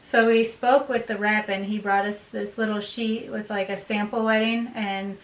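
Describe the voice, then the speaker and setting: A woman vlogger chatting casually to the camera at home, upbeat and quick to laugh. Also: mid-range voice, flat delivery. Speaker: vlogger, bride. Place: home room by a desk. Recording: roomy, distant mic with faint hiss.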